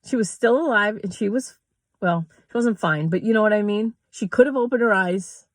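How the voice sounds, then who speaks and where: A woman's voice: mid-range voice, moderate pace, no echo, studio quality. Candid woman telling a personal story. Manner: candid, emotional, swears, laughs between lines. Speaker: yoga teacher and vlogger.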